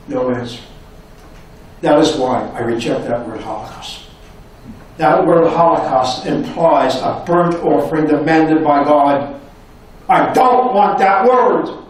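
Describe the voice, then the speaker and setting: A man's voice: on the high side, animated, measured pace, long pauses, far from the mic, slight background noise. Impassioned man lecturing in an echoey hall. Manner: dramatic, impassioned delivery with many rhetorical questions; voice sinks to near-whispers at emotional moments. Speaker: professor giving a lecture. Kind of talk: public lecture. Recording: echoey hall recorded from afar.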